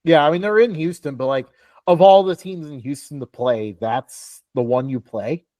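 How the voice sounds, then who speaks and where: Young male co-host, slightly high voice, dry close sound, rambling chat full of "um" and "like". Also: normal speed, warm tone, dry recording. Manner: rambling, filler-heavy, laughs often. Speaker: podcast co-host. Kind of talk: casual sports talk.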